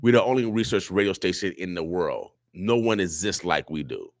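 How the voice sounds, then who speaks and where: A very deep-voiced man hosts a radio show and speaks in an impassioned, preachy way, circling back and repeating his points. His voice is recorded dry and close in a studio, with no room sound. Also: expressive, normal speed, dry recording. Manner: preachy, repetitive, emotional. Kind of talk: impassioned talk radio monologue.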